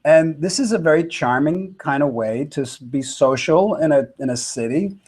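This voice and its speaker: A man's voice: fairly high pitch, animated, normal speed, a little mellow, husky. Rambling middle-aged man. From United States. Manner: rambling, many fillers and restarts. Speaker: touring musician guest. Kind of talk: reflective storytelling.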